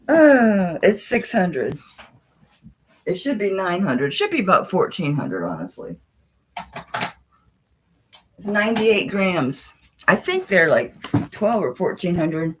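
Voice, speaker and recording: A woman's voice: lowish voice, very animated, takes it slowly, long pauses, a little hiss or hum, poor audio. A woman, chatting casually and folksily as she sells jewelry on a live stream.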